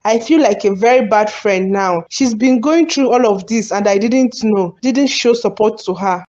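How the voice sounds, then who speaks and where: A woman's voice: mid-range voice, moderate pace, a little mellow, natural voice. A woman voicing a suspicious young wife in a cartoon, pressing with questions. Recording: slightly dull sound.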